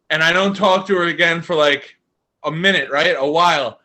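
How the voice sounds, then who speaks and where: Bright, high-ish man telling stories. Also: moderate pace. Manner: animated anecdote-telling with acted quotes. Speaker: podcast co-host. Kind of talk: casual storytelling chat.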